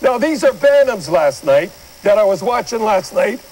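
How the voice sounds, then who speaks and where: An older Canadian man gives blunt, rambling, opinionated hockey commentary in a studio, pointing viewers at replays. His voice sits high and darkish, sing-song at a moderate pace, on a low-quality recording.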